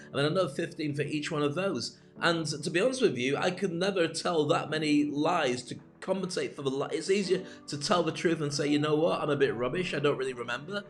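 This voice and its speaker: A middle-aged man hosting a live self-help show, giving a candid motivational monologue with stories and numbered points. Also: a little high.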